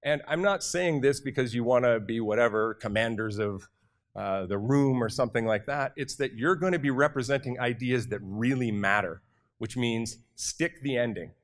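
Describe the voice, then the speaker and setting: A man from Canada giving an energetic, direct conference talk, often addressing the audience with questions. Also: medium pitch, moderate pace. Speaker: conference speaker. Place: conference hall.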